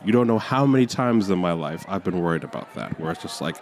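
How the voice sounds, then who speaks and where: A man's voice: low voice, animated, fast, few pauses, a little mellow. A man doing a rambling, mock-somber stand-up set, sighing between lines. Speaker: stand-up comedian. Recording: faint crowd and street noise.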